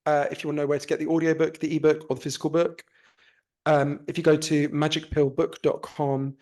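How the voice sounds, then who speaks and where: A man's voice: fairly high pitch, fairly quick. A man with a posh English accent, a guest author talking animatedly in a casual podcast interview, swearing freely, a little under the weather, speaking over a remote call. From North London, England. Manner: animated, swears casually, self-correcting restarts.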